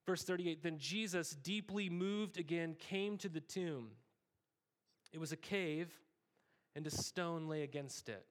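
A man delivering a sermon as a pastor, talking to the congregation in a relaxed, conversational way with lots of quick asides. His voice sits somewhat higher than most men's. He moves between casual banter and earnest, emphatic preaching. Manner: conversational, animated preaching with frequent "okay?" asides.

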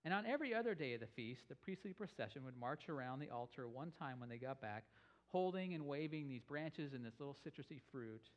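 The recording is muffled as a pastor with a mid-range voice preaches a little fast. He tells a scripture story energetically during his sermon, his voice rising for emphasis.

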